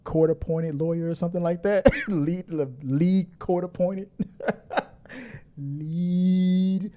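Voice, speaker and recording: A man's voice: sits high, slow pace. A middle-aged man hosting a casual live stream, laughing often and reading viewer comments aloud. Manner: laughing, animated, reads chat comments aloud.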